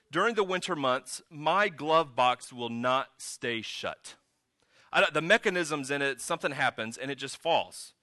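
A bright, high-pitched male pastor delivering a sermon in a conversational, storytelling way. He jumps into emphatic bursts, and his voice sits close and dry on the mic. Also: dry recording. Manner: conversational, animated storytelling with sudden emphatic rises.

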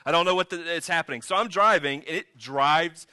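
A man's voice: fairly high pitch, a little fast, sharp tone, smooth, no room sound. A man preaching a sermon as pastor, mixing conversational storytelling with sudden emphatic rises.

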